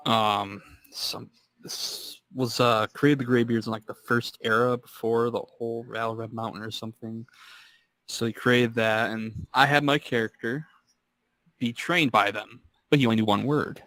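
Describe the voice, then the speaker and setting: Dude rambling thru a story on a podcast, laughs at himself, dry sound. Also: male voice, medium pitch, fairly even intonation, a little slow, pushed and bright, no room sound. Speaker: podcast co-host. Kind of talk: casual chat.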